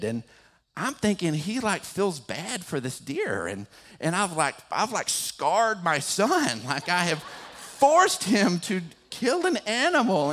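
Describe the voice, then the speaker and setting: An older man, a grandfather and pastor, telling a personal story in a sermon that builds into animated preaching. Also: mid-range voice. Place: church sanctuary.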